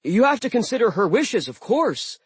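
A man's voice: sits high, very animated, normal speed, breathy edge, no room sound, voice pushed up, exaggerated voice. A man voicing a shrewd male dwarf who reasons persuasively.

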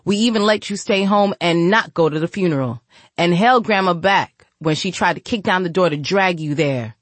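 A woman's voice: medium pitch, normal speed, a bit bright, dry recording, voice pushed up, close to an everyday voice. A woman voicing a tough young man, a grieving protective older brother who talks bluntly in street slang. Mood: forceful.

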